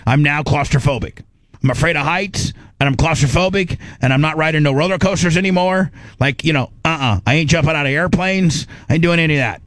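A middle-aged man hosting a talk show, telling a story in a casual, animated way, acting out his own panicked self-talk with frequent restarts. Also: fairly high pitch, brisk, no room sound.

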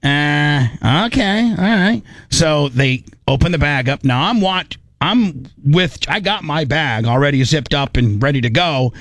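A man's voice: fairly high pitch, moderate pace, hardly any pauses, no echo, studio quality. A man casually telling a funny story, acting out the people in it and often laughing. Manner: animated, acts out voices, laughs often.

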